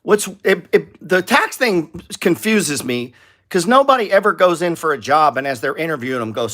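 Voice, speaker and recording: Blunt, profane trading host. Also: male voice, a little high, big pitch swings, moderate pace, sharp tone. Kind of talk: live stock-chart commentary.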